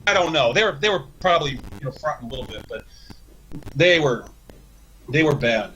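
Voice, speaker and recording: A man's voice: fairly high pitch, lively intonation, a little fast, sharp tone, muffled recording, a little hiss or hum. A man, a podcast guest, telling a long, profane story in a rambling, casual way, with many restarts.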